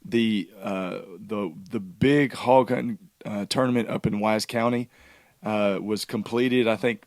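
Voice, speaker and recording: Hoarse man, low voice, dry close sound, rambling casual chat. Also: steady tone, measured pace, a little mellow, no room sound. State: hoarse from a sinus cold. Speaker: podcast co-host.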